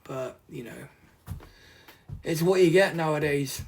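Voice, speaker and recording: A man from the UK chatting casually through an unboxing vlog, rambling and easily excited. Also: fairly high pitch, measured pace, gravelly, slightly rough. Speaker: vlogger.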